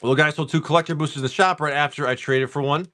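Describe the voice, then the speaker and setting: A man's voice: fairly high pitch, fairly even intonation, quick pace, bright, forceful tone. A man hosting a live card-pack opening stream, chatting casually with viewers and swearing freely. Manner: loose and talkative, swears casually, talks to chat.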